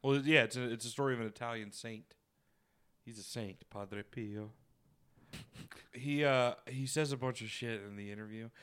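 A man's voice: mid-range voice, fairly bright tone, clean tone. A young man co-hosting a podcast, chatting casually with lots of swearing and rambling restarts. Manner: rambling, profane, quick to mimic others. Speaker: podcast co-host. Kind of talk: casual profane banter.

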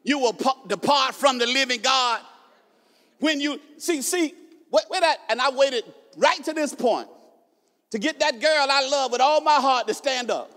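A man preaching a sermon from a stage, animated, breaking into shouted emphasis and stumbling through quick repeated restarts, with playful asides to the crowd. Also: extremely high pitch, in a large hall. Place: large hall with a stage.

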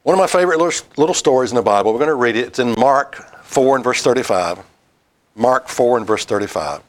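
A man preaching a sermon with lively, swooping pitch. He reads scripture aloud, laughs easily, and sinks into a soft, hushed, reassuring voice. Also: fast talker. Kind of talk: sermon with Bible reading.

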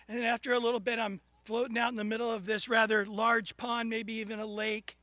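A man preaching a sermon, animated, acting out little scenes and rising into sudden loud bursts. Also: extremely high pitch, fast, few pauses, no echo. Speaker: pastor.

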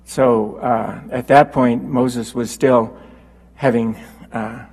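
Give me a man preaching in a church, slow and halting, husky voice with hall reverb. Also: mid-range voice, steady tone, a little mellow. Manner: unhurried, halting with fillers, rising when quoting scripture. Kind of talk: sermon.

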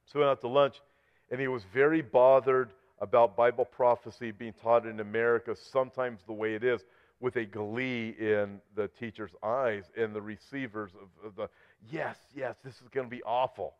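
A man's voice: mid-range voice, little pitch movement, moderate pace, clean tone. Earnest male Bible prophecy preacher. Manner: earnest, rises loud when reading scripture aloud. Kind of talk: sermon-style teaching. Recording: slightly dull lo-fi audio.

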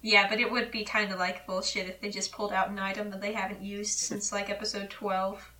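A woman with a bright, forceful voice chats casually on a fan podcast, teasing her co-host and laughing often. She sits a little back from the microphone, so her voice sounds slightly distant. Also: medium pitch, little pitch movement, a little fast, slight background noise.

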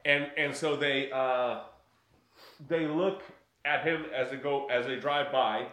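A man's voice: mid-range voice, steady tone, slow pace, pushed and bright, echoey room. A man in casual chat recapping a film, laughing often and acting out lines in funny voices.

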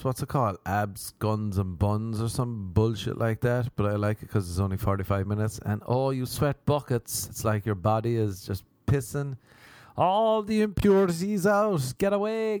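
Irish comic host, mid-pitched, dry studio sound, exaggerated swearing storyteller. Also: male voice, a little mellow, no echo. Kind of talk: comic monologue.

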